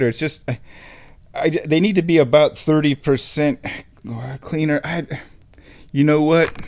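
A man hosting a comedy show, talking in a drawn-out, deadpan, mock-dramatic ramble. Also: on the high side. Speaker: host.

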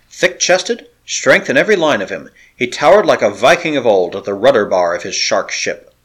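A man's voice: mid-range voice, fairly bright tone, breathy edge. A man narrating an adventure story with a dramatic, varied delivery. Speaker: audiobook narrator.

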